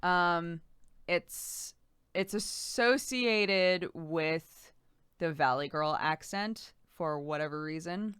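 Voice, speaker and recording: A woman's voice: fairly low pitch, slow, a bit bright, smooth, dry recording, studio quality. A woman streamer chatting casually, giggling and thanking subscribers by name. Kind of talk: casual live-stream chat.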